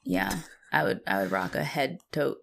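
A woman's voice: very deep voice, expressive, vocal fry, a bit bright. A woman co-hosting a podcast, chatting casually and acting out characters as she recaps. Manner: chatty, heavy use of "like", quick to act out characters. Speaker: podcast co-host.

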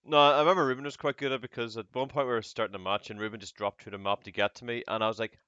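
Man, mid-pitched, anecdotal, laughing, casual chat, dry dull recording. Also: fairly even intonation, rapid-fire, bright, forceful tone, clean tone, no echo. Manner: storytelling, laughing at his own anecdotes. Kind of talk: casual gaming podcast chat.

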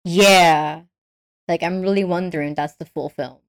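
Animated woman recapping a film, swearing. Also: fairly low pitch, a little slow, dry recording, studio quality. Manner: animated, acts out characters' lines, swears freely. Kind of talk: casual chat, retelling a film plot.

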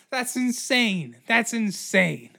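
A man's voice: high-pitched, vocal fry, pushed and bright. Profane laughing man riffing on history. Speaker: podcast host. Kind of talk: comedic history monologue.

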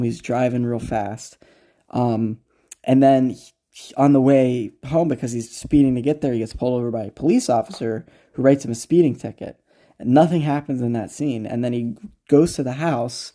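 Rambling man with a mellow voice. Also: mid-range voice. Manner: rambling, with many restarts, swearing and amused asides. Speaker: podcast host. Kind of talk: casual spoken recap.

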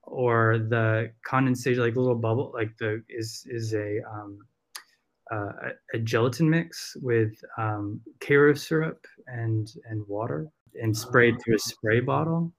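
A man with a Southern American accent and a medium-pitched voice speaks at a measured pace. Appearing as a podcast guest, he talks casually and rambles, full of fillers and restarts.

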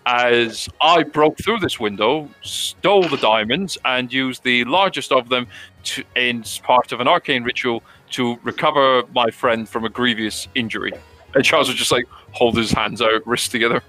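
A man with a bright, forceful tone chats through his tabletop character's actions in a middle register. Light music sits underneath. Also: medium pitch, moderate pace. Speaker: player. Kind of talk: playing a character in a tabletop game.

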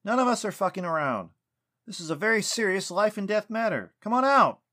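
A frantic grown man pushed to the edge, his voice driven high and loud, as a narrator acts him out. He pleads and wheedles, then breaks into raw yelling. Strained and urgent throughout. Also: sing-song, moderate pace. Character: excitable adult man, desperate believer.

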